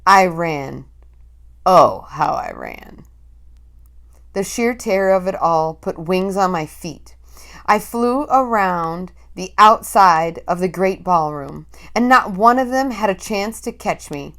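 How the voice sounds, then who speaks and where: Woman reading a story slowly. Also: lowish voice, fairly bright tone. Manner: slow, dramatic, breathless storytelling. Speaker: reader.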